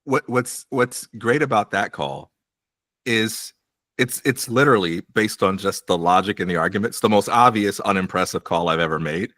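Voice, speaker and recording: Man, bright forceful voice, dry close sound, casual chat, wry, laid-back. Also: fairly low pitch, normal speed, dry recording. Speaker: podcast co-host.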